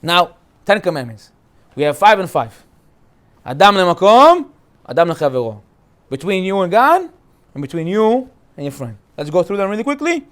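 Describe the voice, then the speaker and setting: Animated rabbi a high voice. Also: male voice, normal speed. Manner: animated, jokey, acts out quoted voices. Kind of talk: casual Torah class.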